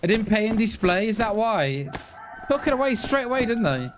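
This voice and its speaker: A man's voice: sits high, very animated, normal speed, noisy background. A man chatting casually to viewers while streaming a game, laughing often and thanking people for donations. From Wales. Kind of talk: casual live-stream chat.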